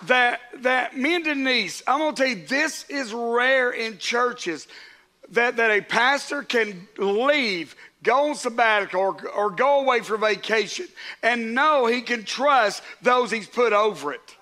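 A man's voice: very high-pitched, lively intonation, unhurried, pushed and bright. A man, a pastor preaching a sermon to his congregation in a conversational way, with asides to the crowd.

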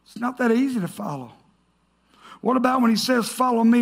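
A male pastor preaching a sermon to his congregation. He is emphatic, rises to shouts, then drops to a hush. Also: very high-pitched, fairly quick. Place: church stage before a congregation.

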